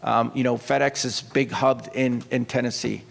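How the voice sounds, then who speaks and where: Gravelly man telling stories in a hall. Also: medium pitch, level tone, moderate pace. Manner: rambling anecdotes with restarts and quoted voices. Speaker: author and retired Navy officer. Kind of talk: storytelling talk to an audience. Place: opera house stage. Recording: long hall reverb.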